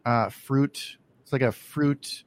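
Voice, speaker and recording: Hosting a podcast, a man runs a casual interview, asking his questions slowly in a mid-range voice. He sounds hesitant, with plenty of fillers and restarts.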